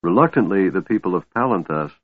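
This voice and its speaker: Deep-voiced man reading a fantasy story. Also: animated, fast talker. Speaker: audiobook narrator. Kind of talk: scripted fantasy narration. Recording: tinny phone-like sound, dry.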